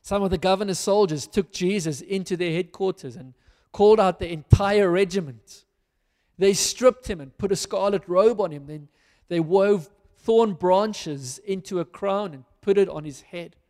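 A man's voice: sits high, normal speed, a little mellow, in a large hall. A man preaching a sermon as a pastor, reading scripture aloud and then applying it earnestly to his listeners.

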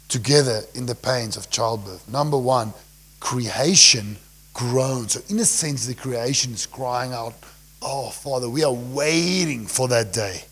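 A young man with a South African accent preaching a sermon. He swings between loud cries from scripture and quiet, low asides. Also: breathy edge. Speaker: pastor.

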